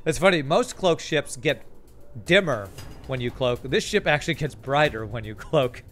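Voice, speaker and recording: A man's voice: medium pitch, animated, moderate pace, fairly bright tone, faint music behind. Chatty male game streamer. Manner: casual, chatty, reads viewer chat aloud and answers it. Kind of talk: live gameplay commentary.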